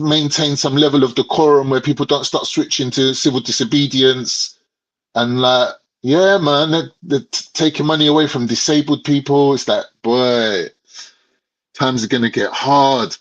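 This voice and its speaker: A man's voice: medium pitch, steady tone, moderate pace. A young man with a London accent, telling stories and chatting casually on a podcast, full of slang and swearing. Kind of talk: casual chat. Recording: slightly dull lo-fi sound.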